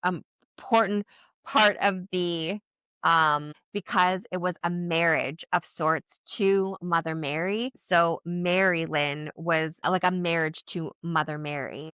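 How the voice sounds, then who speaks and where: A woman with a bright, forward voice gives a channeled spiritual reading. She talks in an earnest, flowing way, often trailing off and restarting with "like." The sound is dry and close, with no room around it. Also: on the low side, steady tone, takes it slowly, clean tone, dry recording. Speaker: psychic channeler.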